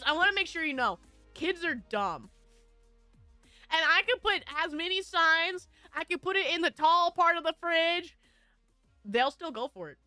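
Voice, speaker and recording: Giggly woman streamer, high bright voice, casual chat, faint music behind. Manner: giggly, laughs often. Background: faint background music.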